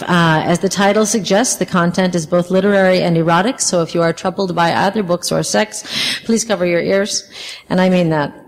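A woman author reading from her memoir to an audience, wry and expressive. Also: on the low side, in a large hall, a little hiss or hum, poor audio. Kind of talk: literary reading.

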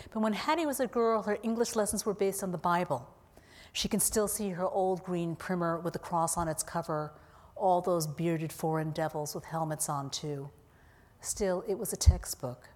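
A woman author reading from her novel to an audience at a university in a calm, deliberate way. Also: fairly low pitch, big-room sound. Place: university auditorium.

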